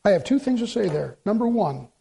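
A middle-aged man, a pastor preaching a sermon, telling stories in an animated, emphatic way and mimicking the people he quotes. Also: sits high, brisk, creaky, slight background noise. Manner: emphatic, repeats points for effect.

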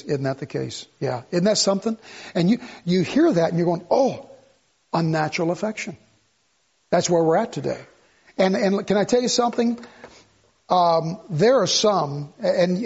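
Heard through a dull, lo-fi recording, this older man's voice sits high, husky and slightly mellow, with vocal fry. He delivers a sermon conversationally yet emphatically, repeating himself and rising into outbursts.

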